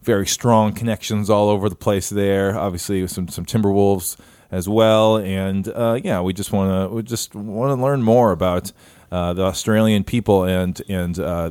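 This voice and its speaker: This podcast co-host has a lowish, darkish voice and a dry-sounding recording, captured over an internet call. In casual conversation he rambles, full of fillers and false starts.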